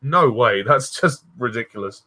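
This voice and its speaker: A man's voice: medium pitch, animated, moderate pace, pushed and bright, slight background noise. Laid-back man hosting film chat. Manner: brief agreeing, laughs often. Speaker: channel host. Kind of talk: casual film discussion.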